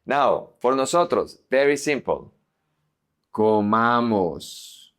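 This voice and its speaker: A Spanish teacher gives a language lesson at a slow, unhurried pace, with a voice in a man's ordinary middle range. He's expressive, saying each example word deliberately and repeating it so learners can follow.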